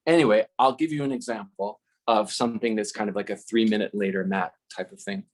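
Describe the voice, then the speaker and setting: A man's voice: on the low side, steady tone, brisk. A middle-aged man telling a casual, rambling story with many fillers and self-corrections, host of a live talk stream.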